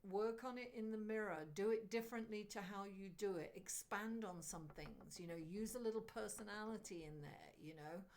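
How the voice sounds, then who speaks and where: A middle-aged woman reads tarot cards live and talks straight to her viewers in a chatty, animated way. Her voice sits in the middle range. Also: medium pitch. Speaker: astrologer and tarot reader.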